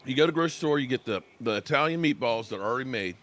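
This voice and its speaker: A man's voice: mid-range voice, animated, very fast, a bit bright, slight background noise. An American man hosting a casual live sports reaction stream, chatting with viewers by name and talking while he eats.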